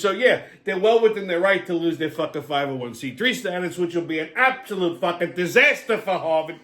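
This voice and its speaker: A man in his seventies hosts his own show, telling stories and ranting about the news with constant swearing. He talks loudly and in an animated way, and his voice sits high for a man. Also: reverberant. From New England. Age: 70s. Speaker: show host. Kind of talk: profane political rant and storytelling.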